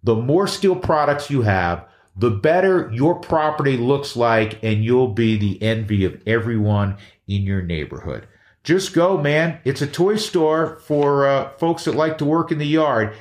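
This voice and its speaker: A man hosting his own podcast, reading ads and chatting in an energetic, emphatic way that repeats key phrases. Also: mid-range voice, a little slow, roomy sound. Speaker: podcast host. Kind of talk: casual chat and live ad reads.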